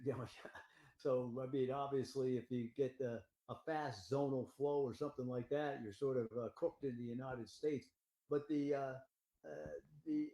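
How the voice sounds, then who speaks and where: An older man talking about the weather forecast in a rambling, excitable way, with filler words and laughter. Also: medium pitch, roomy sound, rough recording. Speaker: meteorologist guest. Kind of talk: casual forecast discussion.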